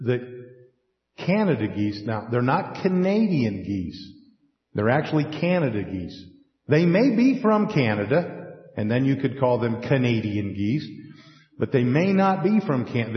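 A man preaching a sermon in an animated way, acting out scripture scenes with folksy asides. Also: mid-range voice, a little slow. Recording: echoey hall, dull lo-fi sound.

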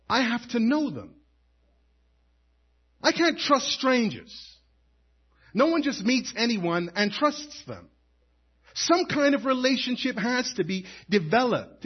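High-voiced husky male preacher. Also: muffled recording. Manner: preaching with rising emphasis and call for amen. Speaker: pastor. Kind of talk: sermon.

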